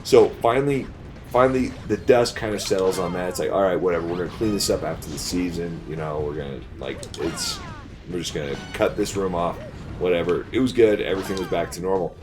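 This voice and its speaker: A man's voice: low-pitched, brisk, music in the background. A man hosting a game playthrough, telling a long story casually and laughing through it. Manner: animated, laughs through his own story. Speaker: let's play host. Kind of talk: casual storytelling over gameplay.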